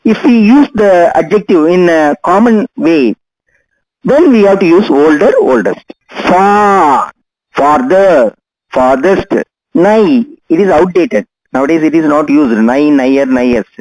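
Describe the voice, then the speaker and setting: Deliberate man teaching English grammar. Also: fairly high pitch, lively intonation, darkish tone, no room sound, rough recording. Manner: slow, deliberate, spells out letters and repeats words. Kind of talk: grammar lesson.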